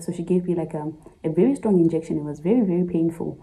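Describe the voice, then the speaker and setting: This Zambian medical student vlogger, a woman in her twenties, talks fast with few pauses in a low, dark-toned voice. Her casual confessional vlog recounts an emotional personal story directly to viewers, with laughter breaking through tears. Audio quality is poor.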